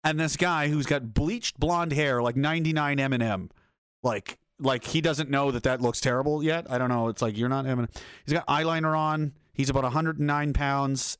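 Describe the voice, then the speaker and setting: A man's voice: medium pitch, fairly quick, a bit bright, smooth, no echo, clean studio sound. A man livestreaming and reading his chat, telling rambling stories in a blunt, crude, profane rant. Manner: rambling storyteller.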